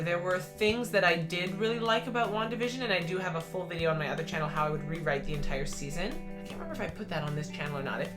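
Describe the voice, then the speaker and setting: Bright-voiced chatty young woman. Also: medium pitch. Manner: chatty, animated, laughs often, self-correcting. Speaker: video essayist. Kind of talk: casual commentary.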